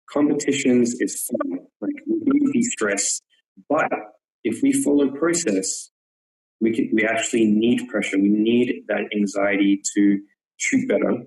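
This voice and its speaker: Explaining archery technique earnestly in a webinar, this coach has a low-ish, creaky, darkish voice with lively intonation. He drops in quick "yep" check-ins and repeats words for emphasis, all captured in poor audio.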